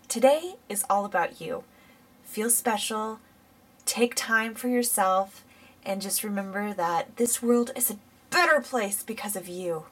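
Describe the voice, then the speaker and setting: A woman's voice: mid-range voice, fairly bright tone. Sweet, sincere woman.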